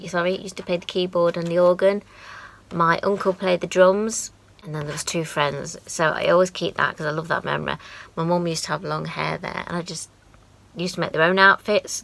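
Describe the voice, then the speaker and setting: Brief: British woman, 40s, vlogger; low, gravelly voice, casual and sentimental. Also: a little hiss or hum. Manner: chatty and sentimental, with soft asides. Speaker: craft vlogger. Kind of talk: casual show-and-tell.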